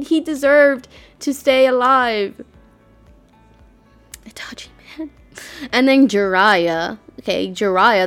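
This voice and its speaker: A woman hosting a casual chat, talking in emotional, rambling bursts. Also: mid-range voice. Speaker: podcast host.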